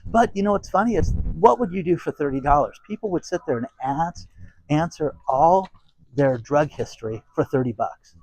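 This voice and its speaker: A man's voice: on the high side, expressive, moderate pace, creaky, a little mellow, no echo, low-quality recording. A man hosting a casual commentary vlog, talking straight to his viewers in a chatty way and laughing often. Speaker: host.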